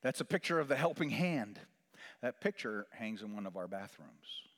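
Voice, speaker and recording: Male chaplain, sermon delivery, very animated pitch, loud peaks and soft hushes, long hall echo. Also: moderate pace. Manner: swings from loud emphatic rises to hushed near-whispers. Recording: long reverb of a large hall.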